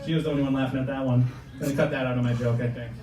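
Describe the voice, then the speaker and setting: A man's voice: mid-range voice, steady tone, rapid-fire. A young man from Minnesota doing stand-up, joking and laughing at himself, recorded from far off in an echoey club. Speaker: open mic comedian. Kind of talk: stand-up comedy. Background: loud crowd.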